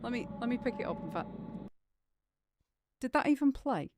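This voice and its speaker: A woman's voice: fairly high pitch, animated, normal speed, noisy background. A young woman from Greater Manchester with a Northern English accent, chatting casually and rambling with lots of fillers while live streaming a game. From Greater Manchester, England.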